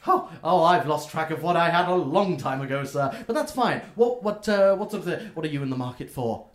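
A man voicing a bubbly, wide-eyed young female gnome shopkeeper in a tabletop game, high, chirpy and loud. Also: animated, a little fast, echoey room, close to an everyday voice.

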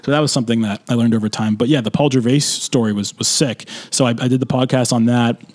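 A young man, host of his own show, telling his story casually and rambling, with lots of fillers and animated quoted asides. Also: mid-range voice, fast talker. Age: young adult.

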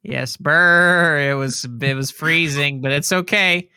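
Laid-back guy on a podcast, really bright crisp voice, dry close sound. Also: fairly high pitch, fairly even intonation, takes it slowly, dry recording. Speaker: podcast co-host. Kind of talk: casual comedy podcast chat.

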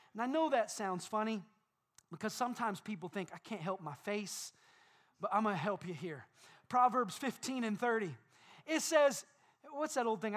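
A man preaching a sermon as pastor, building repeated phrases up to loud peaks. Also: very high voice.

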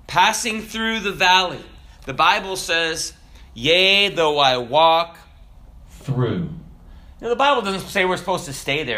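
A middle-aged man preaching a sermon as pastor, animated and emphatic, swinging his delivery up and down. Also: fairly high pitch.

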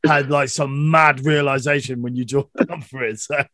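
A man's voice: medium pitch, fairly even intonation, normal speed, pushed and bright, no room sound. A young man hosting a podcast, asking rambling, sweary questions and laughing easily. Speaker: podcast host. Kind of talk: casual interview chat.

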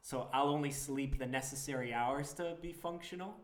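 A man's voice: mid-range voice, normal speed. A young man talking in a casual couples chat, earnest and reflective, laughing often.

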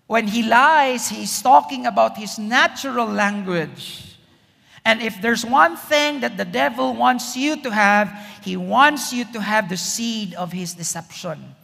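A man's voice: high voice, gravelly, bright, forceful tone. A man preaching a sermon as pastor, emphatic, often asking the congregation rhetorical questions. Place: church. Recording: reverberant church hall.

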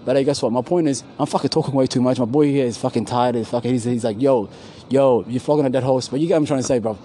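A man's voice: mid-range voice, very fast, dark tone, slight background noise, rough recording. A man rambling in casual, profane slang, often searching for his words, outdoors on a university campus. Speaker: podcast co-host. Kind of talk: casual profane street chat.

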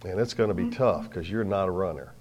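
A middle-aged man preaching a sermon to a live audience, telling stories with self-mocking humor and swinging from quiet asides to loud bursts. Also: deep voice, a little fast, lo-fi sound.

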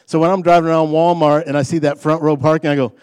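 A man's voice: fairly high pitch, level tone, fast, darkish tone, clean tone. A man preaching a sermon in a folksy, conversational way, mixing jokes into his points and building emphasis on key lines. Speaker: pastor.

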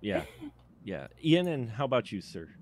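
A man's voice: mid-range voice, very animated, moderate pace, darkish tone, a little hiss or hum. A man hosting a casual live-stream chat, loose and chatty, laughing often. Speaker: podcast host.

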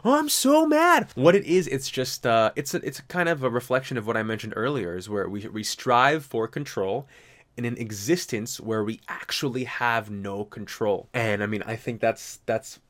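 A man's voice: medium pitch, normal speed, a bit bright. A young man talking in a casual, rambling monologue. He swears often, uses slang, and breaks into mocking impressions. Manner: loose and profane, slangy, jumps into mocking impressions.

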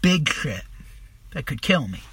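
A young man casually telling a long, profane, rambling story about his past, animated as he retells it. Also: on the high side, measured pace, husky.

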